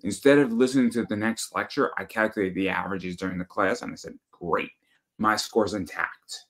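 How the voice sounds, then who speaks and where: A man hosting a podcast in casual chat, talking bluntly with swearing and animated storytelling. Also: lowish voice, fairly quick. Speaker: podcast host.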